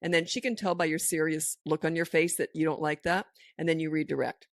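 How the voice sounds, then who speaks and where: A woman's voice: low voice, flat delivery, brisk, no echo. A middle-aged woman, a parenting coach and podcast host, answering listener questions in a firm, direct manner and acting out what parents should say, close to a studio microphone.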